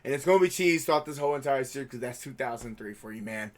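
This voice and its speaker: A man co-hosting a casual podcast, talking in an animated way, laughing often and swearing casually. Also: mid-range voice, rapid-fire, crowd noise. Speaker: podcast co-host. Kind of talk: casual chat.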